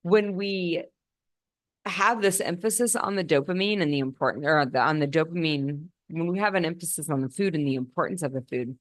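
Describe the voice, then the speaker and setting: Woman doctor with a low voice talking thru nutrition, patient teaching tone, dry close sound. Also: dry recording. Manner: explanatory, with frequent restarts and slow emphasis. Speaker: physician and podcast host. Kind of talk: educational talk on nutrition.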